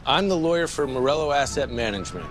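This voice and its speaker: An actor playing a cocky, unflappable corporate lawyer in a TV drama, cool, commanding and sarcastic. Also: male voice, mid-range voice, expressive, fast talker, lightly acted. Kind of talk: TV drama dialogue.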